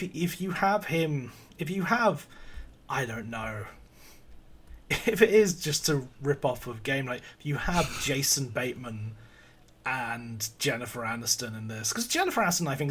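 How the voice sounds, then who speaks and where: Man, casual film review chat, chatty, laughs often, mid pitch. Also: a bit bright, husky. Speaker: podcast co-host.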